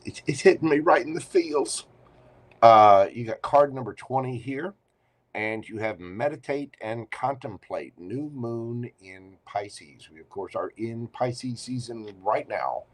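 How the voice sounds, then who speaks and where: Chatty low-voiced tarot reader, a man. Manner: chatty, expressive, speaks straight to the listener. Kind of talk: live tarot reading.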